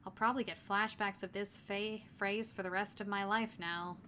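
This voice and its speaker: A woman's voice: mid-range voice, steady tone, normal speed, hardly any pauses, sharp tone, slight background noise. A woman streamer reading a story game aloud, breaking off to apologize and joke.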